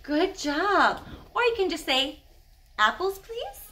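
A woman with an extremely high voice speaks slowly while teaching sign language to young children. She is animated, upbeat and encouraging, often gasping with delight at their answers.

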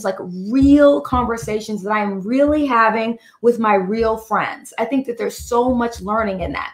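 A woman's voice: high-pitched, a bit bright, reverberant. A woman hosting a livestream, chatty and upbeat, greeting viewers by name. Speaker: host. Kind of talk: livestream chat.

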